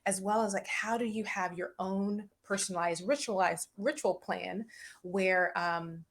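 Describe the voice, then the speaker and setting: A woman therapist speaking as a podcast guest, reflective and measured, with occasional light laughs. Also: medium pitch. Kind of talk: interview conversation.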